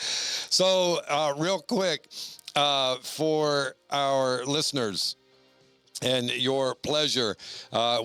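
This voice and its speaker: A male podcast host with a smooth, clear voice, recorded close and dry. He chats in a loose, rambling way and leans on fillers. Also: medium pitch, sharp tone, no echo. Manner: chatty, rambling with many fillers. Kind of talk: casual podcast conversation.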